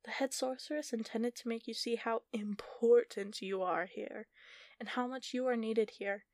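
A woman's voice: a little high, steady tone, moderate pace, dry recording, natural voice. A woman narrator voicing a scornful, mocking sorceress with a dry, taunting delivery.

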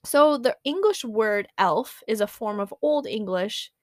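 A woman's voice: on the high side, lively intonation, unhurried, no room sound. Chatty woman podcast co-host. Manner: chatty, lots of "like" and "um", laughs often. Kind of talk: casual chat.

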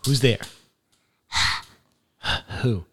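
A young father chatting casually with his little daughter in a playful, gentle, teasing way. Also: very slow, slight background noise.

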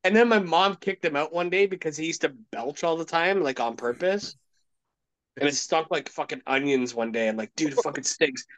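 A man's voice: on the high side, moderate pace, fairly bright tone, low-quality recording. A man hosting a podcast, telling rowdy stories in casual chat, swearing constantly and laughing at his own jokes. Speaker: podcast host.

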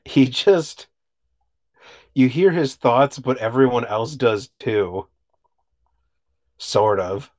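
A man's voice: medium pitch, slow, pauses often, a little mellow. A man co-hosting in casual chat, laid-back, chuckling often and swearing offhandedly. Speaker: podcast co-host.

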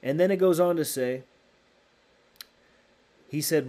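A man's voice: on the high side, fairly even intonation, measured pace, pauses often, a little mellow. A man preaching a sermon, emphatic and repeating key phrases for stress.

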